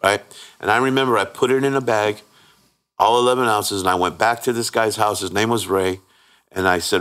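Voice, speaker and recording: A man's voice: on the low side, steady tone, brisk, a bit bright. A man sharing his personal testimony as a guest, telling it candidly and plainly, often checking in with "right?" and acting out the voices of people in the story. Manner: earnest storyteller who acts out the quoted voices; plain-spoken with frequent restarts and 'right?'.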